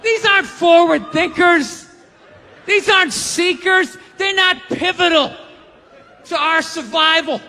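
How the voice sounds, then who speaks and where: A man's voice: extremely high pitch, slow, pushed and bright. A stand-up comedian, a man ranting emphatically with profanity on stage. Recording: reverberant hall with audience.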